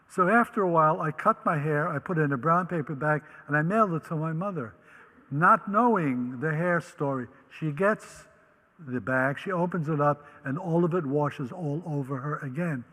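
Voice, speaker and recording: A man's voice: on the high side, moderate pace, bright, forceful tone. Older man telling his story in a hall. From Netherlands. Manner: vivid storyteller who acts out quoted voices. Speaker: Holocaust survivor speaker. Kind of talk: personal storytelling talk.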